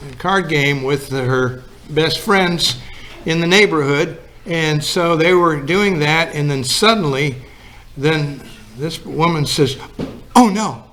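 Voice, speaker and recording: A man's voice: on the high side, a bit bright, slight background noise. Folksy male pastor telling a story. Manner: folksy storyteller acting out quoted lines. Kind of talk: sermon.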